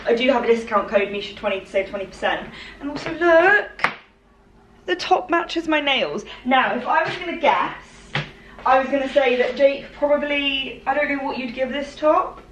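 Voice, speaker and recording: A bubbly young woman from the UK chats about her outfits in a light, slightly high voice. She sounds set back from the mic in a room that rings with echo. There is a soft hiss under her voice. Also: expressive, moderate pace, far from the mic. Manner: bubbly, giggly and chatty. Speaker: fashion vlogger. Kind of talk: casual haul chat. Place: room at home.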